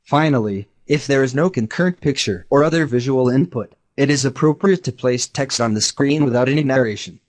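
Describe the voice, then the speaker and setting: A text-to-speech male voice giving a measured, explanatory scripted lesson narration. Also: mid-range voice. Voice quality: even synthetic delivery.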